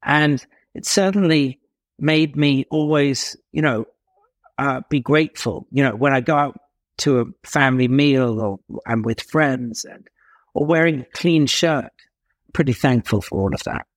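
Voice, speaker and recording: This is an English man recounting a story during an interview, lively in delivery, with dramatic pauses and strong pitch swings for emphasis. There's no room sound; it's studio quality.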